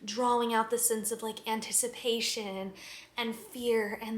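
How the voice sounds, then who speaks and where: A woman's voice: a little high, flat delivery, unhurried, slight background noise. A young woman in her twenties, a student, chatting casually to camera at home with lots of filler words and little laughs. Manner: chatty, many "like" fillers, giggly. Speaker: student vlogger. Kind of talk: casual vlog chat to camera. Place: home, kitchen and bedroom.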